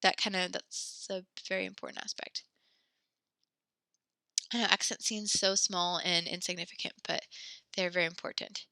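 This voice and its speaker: Bright, brisk woman teaching French. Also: lowish voice, fairly even intonation, clean tone, no echo. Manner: patient, encouraging, explains step by step. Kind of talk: classroom teaching.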